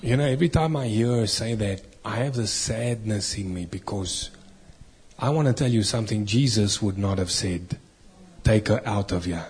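A man's voice: on the low side, moderate pace, a little mellow, husky. A man preaching a sermon, reading scripture and asking earnest rhetorical questions.

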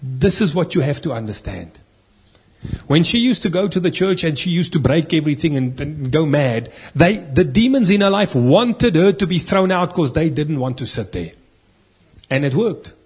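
A man's voice: fairly high pitch, expressive, moderate pace, darkish tone, husky. A man preaching a sermon, reading scripture and asking earnest rhetorical questions.

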